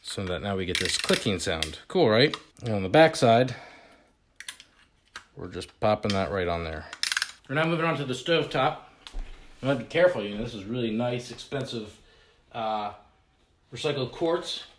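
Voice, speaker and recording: Deadpan joking man in echoey room. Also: medium pitch, normal speed, pauses often, noisy background. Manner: mock-serious, deadpan humor about a toy kitchen. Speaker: realtor hosting a home renovation video. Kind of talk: joking do-it-yourself walkthrough.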